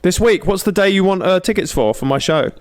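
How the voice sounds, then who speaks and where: A man co-hosting a comedy podcast, teasing his partner in quick, casual banter from a room at home. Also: high-pitched, animated. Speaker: podcast co-host. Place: home room with window open.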